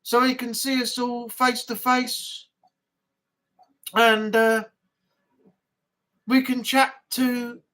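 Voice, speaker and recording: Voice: mid-range voice, little pitch movement, drawn-out words, pauses often, a bit bright. A livestream host with a broad northern English accent chats casually to viewers. The talk rambles, with repeated words and plenty of fillers. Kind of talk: casual live chat.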